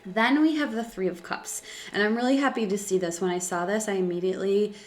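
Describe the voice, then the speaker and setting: A woman's voice: mid-range voice, fairly quick, reverberant. A woman giving a casual, chatty tarot reading at home, full of fillers and emotion. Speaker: tarot reader. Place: room at home by a window.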